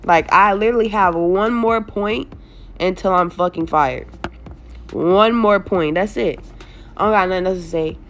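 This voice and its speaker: A woman's voice: lowish voice, normal speed, soft background music. A young single mother venting in a social media clip, exasperated and swearing, with faint noise behind her. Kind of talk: emotional social media vent.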